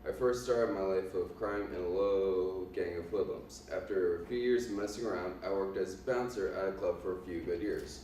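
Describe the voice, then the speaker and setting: A man playing a cocky 1920s gangster boss in a class presentation, with a put-on Italian accent, talking haltingly with many ums and uhs. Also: sits low, a little mellow, a little hiss or hum, close to an everyday voice. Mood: boastful. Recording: echoey room from far off.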